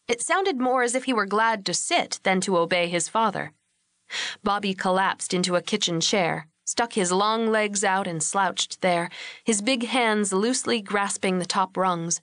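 A woman narrating a novel in a steady, expressive storytelling voice. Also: mid-range voice, measured pace, no room sound, clean studio sound. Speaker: audiobook narrator. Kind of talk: scripted narration.

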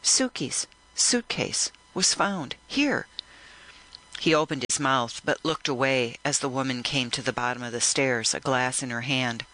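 Guy reading a first-person novel, bright clear voice, measured and reflective. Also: medium pitch, level tone, poor audio. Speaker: audiobook narrator. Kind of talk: first-person audiobook narration.

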